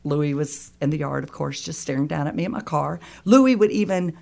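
Woman, radio guest, animated storyteller, creaky voice, acts out voices. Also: sits low, moderate pace. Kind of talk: emotional personal storytelling.

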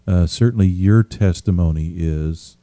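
A man hosting a radio show, speaking in a measured, halting way with many pauses. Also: low voice, mellow, dry recording. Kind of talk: reflective radio talk.

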